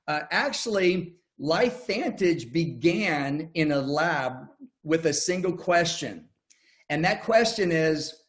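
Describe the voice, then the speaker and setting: An older American man, somewhat high-voiced, presents over a video call. He tells his story in a folksy, homespun manner, often restarting his sentences as he goes. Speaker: network marketing presenter. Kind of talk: online business presentation.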